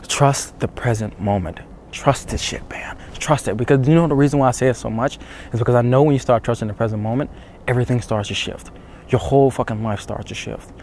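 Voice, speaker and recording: Man, dating coach, hushed intense delivery, repetitive urging, shivering cold, outdoors before dawn, faint background hum. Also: medium pitch. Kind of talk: motivational talk to camera.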